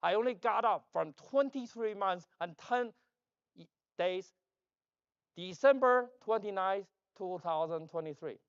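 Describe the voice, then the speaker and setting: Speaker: man, loud and rambling at the podium, joking, dull and dry sound. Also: high-pitched, clean tone, dry recording. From China. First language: Chinese. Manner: loud, emphatic, joking asides. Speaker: conference speaker. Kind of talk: rambling conference talk. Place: conference hall stage.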